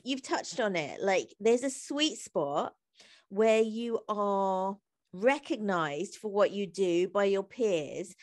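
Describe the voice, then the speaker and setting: A woman talking as a podcast guest in a chatty, animated way, laughing often and filling her speech with "like". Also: mid-range voice. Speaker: guest, comedy writer and singer. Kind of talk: casual interview conversation.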